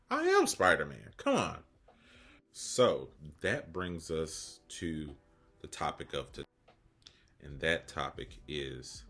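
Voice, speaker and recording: A man in his thirties with an extremely deep voice that still has a bright, forward edge, talking through a casual video essay. He rambles off on joking side tracks and pokes fun at himself, with faint music underneath. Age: 30s. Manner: rambling, joking asides, self-deprecating.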